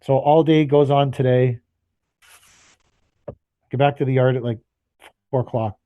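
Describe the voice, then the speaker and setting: With phone-quality sound and no room echo, a man with a mid-range, fairly even voice speaks unhurriedly. He co-hosts a casual podcast and runs a landscaping business, and he wearily recounts a frustrated, profane story while playing both parties in his phone calls.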